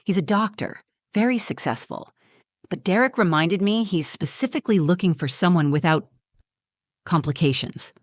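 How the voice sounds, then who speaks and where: A condescending young bride-to-be, read by a woman narrator, talking down to her friend in a preachy, self-satisfied way. Her voice sits fairly low for a woman. It sounds dry and close, with no room around it. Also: animated, moderate pace, no echo. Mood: smug. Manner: preachy, patronizing.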